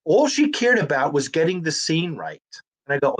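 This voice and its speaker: A man's voice: on the high side, normal speed, slightly rough. A man, an actor and comedian telling stories in a casual conversation and acting out the dialogue. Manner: animated storyteller who acts out quoted dialogue.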